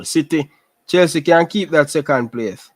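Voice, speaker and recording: A man's voice: a little high, unhurried, dry recording. A man with a Jamaican accent, chatting casually with viewers on a livestream, repeating himself and calling out viewers by name. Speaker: livestream host. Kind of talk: casual live chat. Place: living in Canada.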